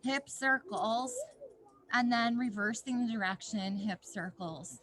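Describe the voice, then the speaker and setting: A young woman guides children through yoga outdoors in a snowy backyard, her tone gentle with playful asides. Her voice is bright and a touch high, and she takes her time. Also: slow pace, a little hiss or hum. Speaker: yoga teacher. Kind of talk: outdoor kids yoga class.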